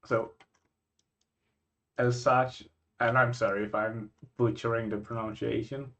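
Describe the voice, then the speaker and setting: Musing Scandinavian man, casual chat. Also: mid-range voice. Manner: musing, thinks out loud with frequent restarts. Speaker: vlogger reacting to places.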